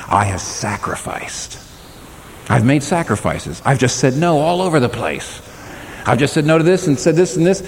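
A man preaching a sermon as pastor, talking to his congregation with animated delivery and shifting into the voices of the people he quotes. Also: normal speed. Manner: animated preaching, voices quoted speakers with sharp pitch swings. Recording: reverberant hall, faint background noise.

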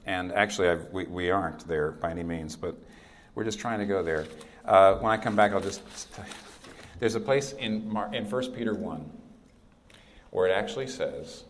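Earnest low-voiced male preacher. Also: moderate pace, a little hiss or hum. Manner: earnest, emphatic, drops to quiet for key lines. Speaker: pastor. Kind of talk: sermon.

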